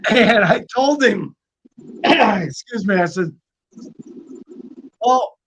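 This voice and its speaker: Man, high voice, folksy storyteller, casual swearing, acts out quotes. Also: bright, forceful tone, a little hiss or hum. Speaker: snake keeper on live stream.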